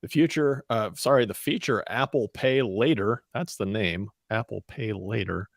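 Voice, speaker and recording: A man's voice: lowish voice, normal speed, vocal fry, no room sound. A man co-hosting a radio talk show, chatting casually and reading the news in a dry, matter-of-fact way. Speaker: co-host and news reader.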